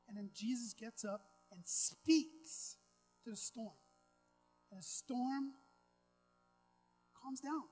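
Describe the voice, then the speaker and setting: Woman, preacher, sermon, conversational asides, emphatic repetition, slightly high voice. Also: unhurried, long pauses, faint music behind, rough recording. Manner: conversational, with casual asides and self-deprecating humor.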